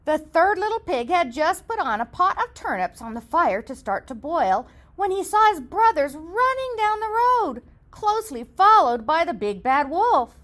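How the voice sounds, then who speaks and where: A woman reading a children's story aloud in an expressive, sing-song storytelling manner. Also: very high-pitched, moderate pace, hardly any pauses.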